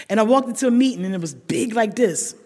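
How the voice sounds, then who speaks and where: An older woman sharing a humorous recovery story with a meeting, a lively storyteller who laughs often and rises to shouted emphasis. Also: a little high. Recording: echoey hall.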